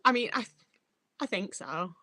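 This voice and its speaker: A woman's voice: medium pitch, expressive, measured pace, sharp tone, no echo. A young woman with a Northwest English accent, chatting casually and self-mockingly with viewers from her home, with plenty of swearing. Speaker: streamer. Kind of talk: casual livestream chat with viewers.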